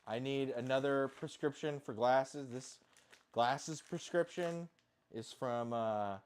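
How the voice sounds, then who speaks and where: A man's voice: medium pitch, slow pace, darkish tone, clean tone. Rambling, swearing man cooking at home. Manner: rambling, self-deprecating, swears casually. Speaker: home cook vlogger. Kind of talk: casual kitchen chat.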